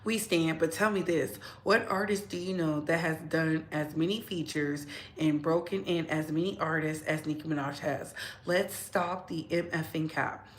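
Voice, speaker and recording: A woman's voice: low voice, steady tone, moderate pace. A woman hosting a casual gossip commentary channel, chatting and reading posts aloud to her viewers. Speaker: host. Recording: echoey room, faint noise.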